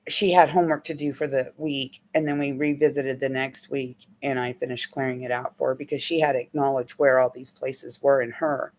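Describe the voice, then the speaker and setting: A woman's voice: a bass voice, fairly even intonation, brisk, few pauses, darkish tone. A middle-aged woman healing coach teaching in a casual, candid way, telling rambling, emotional stories from her own life.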